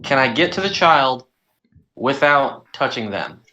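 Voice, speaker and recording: A man's voice: mid-range voice, sing-song, a little slow, bright, forceful tone, highs cut off, a little hiss or hum. A man playing a tabletop game, asking unsure questions and swearing now and then. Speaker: player.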